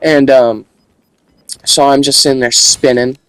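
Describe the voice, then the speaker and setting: A young man tells a story in a loose, casual monologue. He rambles, repeats himself and restarts his sentences, and his slangy talk sits at a middle pitch for a man. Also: steady tone, measured pace, fairly bright tone, clear, resonant tone, no room sound, poor audio.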